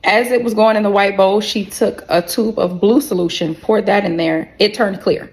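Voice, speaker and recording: A woman's voice: medium pitch, steady tone, normal speed. A woman telling her own story to viewers in a blunt, candid way, cursing freely and calling the audience y'all.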